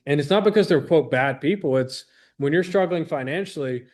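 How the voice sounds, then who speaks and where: A man's voice: fairly high pitch, brisk, a little mellow. Earnest man giving a motivational talk. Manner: earnest, rambling, with many restarts and quoted dialogue. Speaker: business trainer, host.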